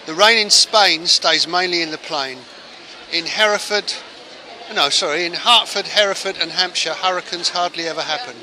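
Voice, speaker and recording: Brief: South London man, slightly high voice, joking, noisy outdoor market. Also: moderate pace, pushed and bright. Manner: joking, teasing. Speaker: interviewee. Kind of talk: casual chat.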